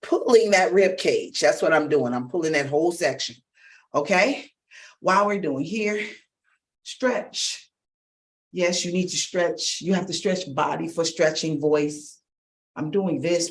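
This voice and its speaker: A middle-aged woman vocal coach leading a warm-up lesson, energetic and encouraging, giving brisk, direct instructions and checking in often. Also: low-pitched. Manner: energetic and encouraging, checking in with "okay?" and "all right?".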